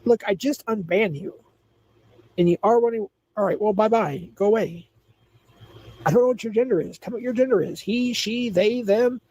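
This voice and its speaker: A man's voice: high-pitched, moderate pace, warm tone, no echo, dull audio. A man in his forties hosting a livestream, answering viewers in a blunt, repetitive, scolding way. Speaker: livestream host. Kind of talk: livestream chat, reacting to viewers.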